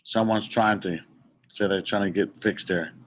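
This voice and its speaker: A man's voice: lowish voice, steady tone, moderate pace, a little hiss or hum. A man leading a group session as a motivational speaker, emphatic and repetitive, restating his points and sometimes stumbling over words. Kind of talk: motivational talk to a live audience.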